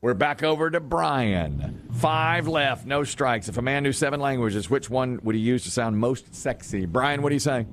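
A man's voice: medium pitch, animated, normal speed, a little hiss or hum. A man hosting a quiz game on a radio show, upbeat and teasing, repeating the question for each player.

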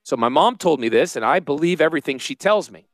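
A man's voice: a little high, lively intonation, fast talker, no echo. Brash man hosting talk radio. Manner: brash, sarcastic, rambling. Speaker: radio host, financial planner. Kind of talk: joking talk radio monologue.

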